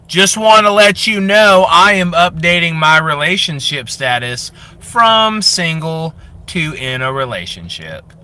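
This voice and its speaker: A man voicing a giddy, lovestruck woman who announces her relationship online in a gushing, drawn-out way. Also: on the high side, animated, bright, forceful tone, clean tone, voice pushed up.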